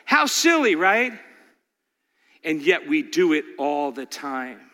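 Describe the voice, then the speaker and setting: A man preaching a sermon with animated rhetorical questions, sometimes acting out voices. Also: on the high side, takes it slowly, long reverb tail. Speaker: pastor.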